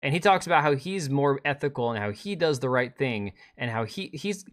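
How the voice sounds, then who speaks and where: A man's voice: mid-range voice, lively intonation, a little fast. A man streaming a reaction to a video, talking sarcastically, swearing and mocking the speaker in whiny quotes. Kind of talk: live stream reaction commentary.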